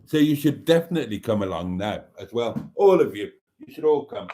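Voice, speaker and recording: A man's voice: medium pitch, animated, brisk, noisy background. A man hosting a casual live stream, chatting and reading viewer comments aloud.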